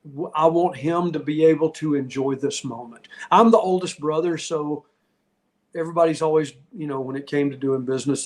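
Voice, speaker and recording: A man's voice: medium pitch, darkish tone. A middle-aged man, a podcast guest telling stories in a candid, rambling, heartfelt way with frequent restarts. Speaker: podcast guest, retired wrestler. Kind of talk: casual interview storytelling.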